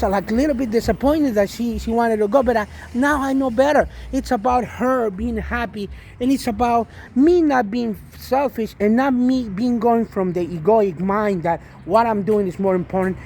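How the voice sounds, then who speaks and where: A man's voice: very high voice, creaky, darkish tone, a little hiss or hum. A man and father telling a rambling spiritual story about his daughter, with many restarts and repeated endearments. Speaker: vlogger and father.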